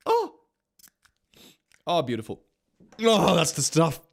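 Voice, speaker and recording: Young male streamer, stuffy from a cold, lively up-and-down delivery, dry close sound. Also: fairly high pitch, very slow, gravelly, no echo. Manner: animated, laughs often, reads messages aloud. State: slight cold, stuffy nose. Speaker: streamer reading chat. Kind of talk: casual live-stream chat.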